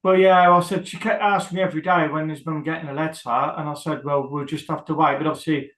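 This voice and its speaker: A man being interviewed, talking hesitantly with many pauses and fillers as he rambles through what happened. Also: on the high side, fairly even intonation, fairly bright tone, roomy sound, low-quality recording. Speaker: guest, husband of a prisoner. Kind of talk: emotional interview.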